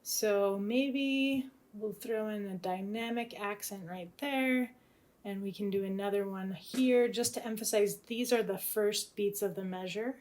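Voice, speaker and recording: A woman explains music theory as she works through a composition, thinking aloud as she goes. She sounds relaxed and tentative, weighing each choice, with a mid-range voice. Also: mid-range voice, a little slow, a little hiss or hum. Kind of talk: talking through a composition demo.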